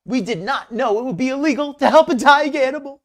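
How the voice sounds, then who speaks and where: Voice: high-pitched, a little fast, voice pushed up. A host putting on the voice of an indignant, defiant woman, reading a post aloud in an overly dramatic way. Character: indignant, defiant woman firing back at critics.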